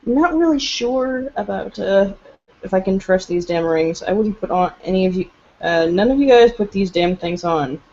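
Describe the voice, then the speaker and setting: A woman's voice: mid-range voice, lively intonation, moderate pace, warm tone. A woman playing a tabletop role-playing game, talking nervously, swearing and laughing between rolls, on a dull lo-fi recording. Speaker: player. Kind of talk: casual tabletop game play.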